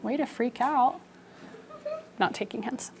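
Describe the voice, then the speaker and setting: A young woman teaching an elementary phonics lesson in a classroom, telling stories and coaxing the students along in a lively, playful way. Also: fairly high pitch, measured pace, a little hiss or hum. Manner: animated storytelling, playful and expressive with students.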